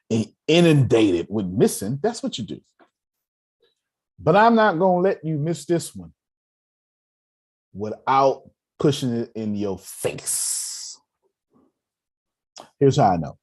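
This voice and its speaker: Man, motivational coach, emphatic repetition, low pitch, husky, video call. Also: a little mellow. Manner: emphatic, repetitive, preacher-like cadence. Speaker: coach hosting an online group call. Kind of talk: motivational talk.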